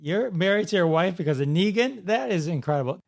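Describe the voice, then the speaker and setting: A man's voice: high-pitched, lively intonation, brisk, vocal fry. A man hosting an interview podcast, asking questions in an eager, casual way and often saying "like" as a filler. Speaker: podcast host.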